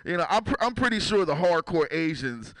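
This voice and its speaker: A man's voice: fairly high pitch, very animated, brisk, dry recording, low-quality recording. A man from San Francisco doing a stand-up comedy set, talking loosely and profanely and teasing the crowd. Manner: loose, profane, chatty, teases the audience. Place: comedy club.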